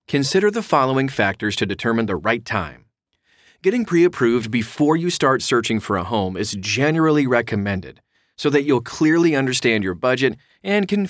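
Male explainer voice, mid pitch, clear and instructive with casual asides, close and dry sound. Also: fairly bright tone, no room sound. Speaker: mortgage explainer. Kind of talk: reading an explainer aloud.

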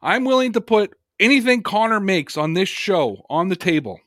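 A man's voice: sits high, very animated, moderate pace, a bit bright, no room sound, clean studio sound. A man hosting a sports podcast, talking emphatically and at length in casual chat. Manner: emphatic, talkative, reads chat comments aloud. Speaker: podcast host.

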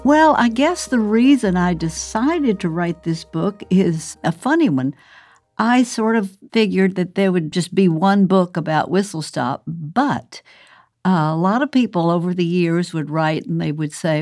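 An older Southern woman, an author, chats casually about her work in a recorded monologue, laughing often. Her voice is lowish, mellow and lively in intonation, a little slow, captured dry at studio quality.

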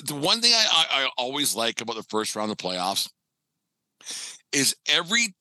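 A man hosting a casual sports podcast and reading ads, with a deep radio voice and a loose, profane way of talking. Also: huge pitch swings, normal speed, bright, forceful tone, dry recording, poor audio. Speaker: podcast host.

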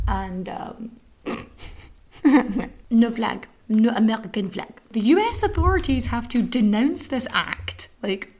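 A woman's voice: on the high side, lively intonation, unhurried, darkish tone. A woman hosting a podcast, telling a history story in a chatty, wry way full of swearing and asides. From Ireland. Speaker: podcast host.

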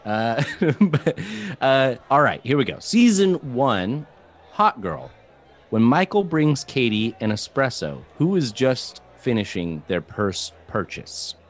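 A man's voice: medium pitch, very animated, takes it slowly. A man hosting a casual podcast, laughing often and reading out trivia questions. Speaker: podcast host.

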